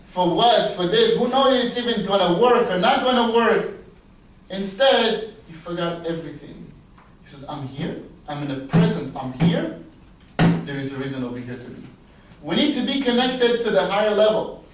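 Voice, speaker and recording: A rabbi giving a storytelling sermon, a man who acts out the quoted dialogue with big leaps in pitch. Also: a little hiss or hum. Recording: echoey room, voice heard from a distance.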